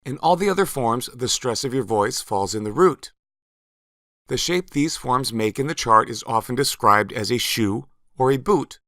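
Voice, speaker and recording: A man narrating a scripted language lesson, slow and careful, stressing syllables clearly as he models words. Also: mid-range voice, expressive, a bit bright, dry recording, studio quality. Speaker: Spanish teacher.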